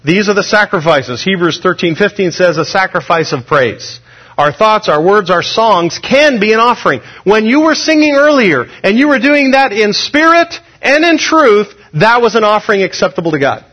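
A male pastor preaching a sermon in a conversational, animated way, with sudden loud rises. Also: sits high, moderate pace, low-quality recording.

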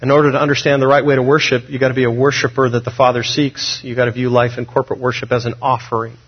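A male pastor preaching a sermon in a conversational, animated way, with sudden loud rises. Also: mid-range voice, fast, husky, muffled recording.

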